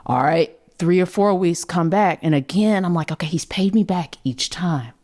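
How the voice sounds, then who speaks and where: A woman co-hosting a podcast, telling a childhood story in casual chat, animated and laughing, acting out family voices. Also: on the low side, normal speed. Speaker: podcast co-host.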